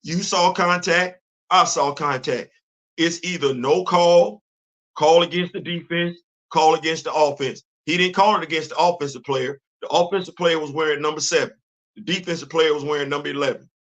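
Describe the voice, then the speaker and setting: A man's voice: a little high, steady tone, brisk. A man hosting his own show, ranting in casual, emphatic, slangy commentary. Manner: emphatic, exasperated, loose slangy talk. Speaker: podcast host.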